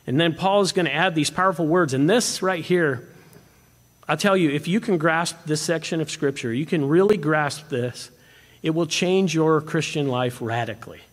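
A man preaches with an animated delivery, driving some points hard and dropping to a near hush on others. His voice sits a little high for a man. The sound carries a long reverb from the hall. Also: moderate pace. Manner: animated, swinging from emphatic to hushed. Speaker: pastor. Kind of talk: expository sermon. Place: church sanctuary.

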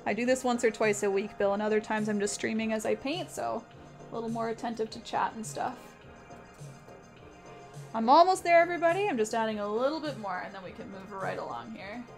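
A woman's voice: on the high side, fairly quick, darkish tone, soft background music. A young woman from Canada chatting casually with her live-stream audience as she paints, reading messages aloud and laughing often. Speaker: art streamer.

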